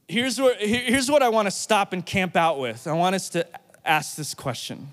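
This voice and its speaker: A man preaching a sermon in a playful, animated way, acting out the quotes. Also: high voice, moderate pace. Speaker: pastor.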